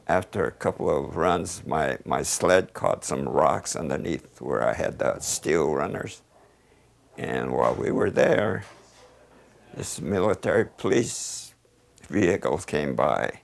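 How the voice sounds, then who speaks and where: A man in his eighties calmly recounting childhood memories in an interview, measured and with fillers. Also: very deep voice, gravelly.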